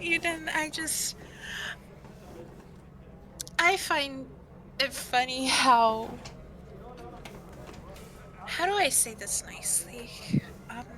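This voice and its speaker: A woman's voice: high voice, sharp tone. A woman playing a tabletop game, speaking boldly and bluntly in character. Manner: bold, blunt, outspoken. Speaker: player.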